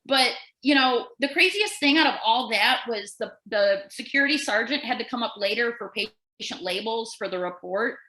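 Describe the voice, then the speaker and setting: Bright, animated woman telling a story. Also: on the high side, normal speed, hardly any pauses, reverberant, poor audio. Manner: animated storyteller who acts out quoted voices. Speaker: nurse and podcast co-host. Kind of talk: casual storytelling.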